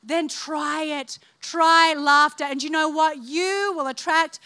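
Bright high-voiced woman preaching. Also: takes it slowly. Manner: animated, humorous, laughing through stories; calls to the congregation for responses. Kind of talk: sermon with storytelling.

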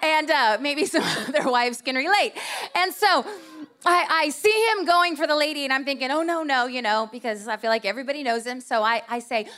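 A pastor's wife preaches to her church during a service, speaking fairly quickly in a high, sharp voice. Her sermon is chatty and self-mocking, full of funny personal stories where she acts out the voices.

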